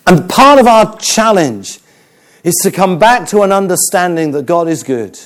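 A man preaching a sermon, telling stories with jokes and an animated delivery. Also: high voice, moderate pace. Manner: animated, joking storyteller.

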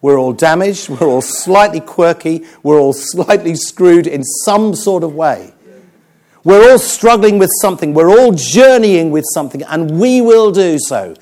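Man, preacher, sermon, animated, slightly high voice. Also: unhurried. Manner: animated, humorous preaching with dramatic quiet passages.

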